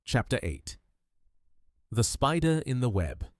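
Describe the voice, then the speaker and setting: A man reading a mystery audiobook with measured, dramatic storytelling. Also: mid-range voice, very animated, dry recording, clean studio sound. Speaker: narrator. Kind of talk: scripted audiobook narration of a mystery.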